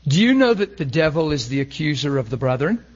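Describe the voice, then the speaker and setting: A man preaching a sermon, emotional, swinging between loud and hushed. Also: on the high side, very animated, a little fast, highs cut off.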